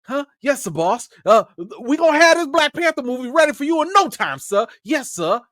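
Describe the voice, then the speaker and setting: A man's voice: very high-pitched, very animated, normal speed, bright, forceful tone, no echo, studio quality, pitched above the performer's own voice, exaggerated voice. A man doing a fawning, overly deferential servant. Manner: exaggerated bowing politeness, sing-song.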